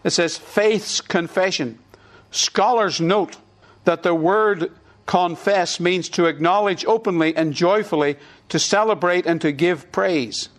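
A man's voice: high voice, unhurried. A man delivers a sermon with a slightly raised voice. He teaches in an everyday conversational way and goes back over points so they land. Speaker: preacher.

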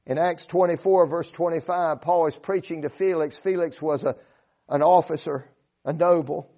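A man's voice: on the high side, normal speed, mellow. A man preaching a sermon, earnest and emphatic, reciting scripture in old-fashioned wording.

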